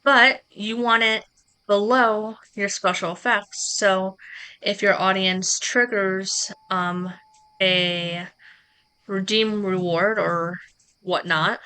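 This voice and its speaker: A woman streamer walking her viewers through streaming software in a relaxed, chatty live tutorial, talking into a close microphone at her home setup. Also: medium pitch, slow pace, smooth. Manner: relaxed, chatty explaining with asides to chat.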